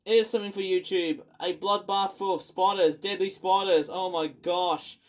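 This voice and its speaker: A man chatting excitably in a rambling casual vlog, full of fillers and restarts. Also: high-pitched, moderate pace. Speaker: vlogger.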